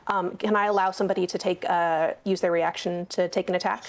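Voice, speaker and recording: A woman playing a tabletop game, speaking in an apologetic, hurried way. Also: lowish voice, fairly even intonation. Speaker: player.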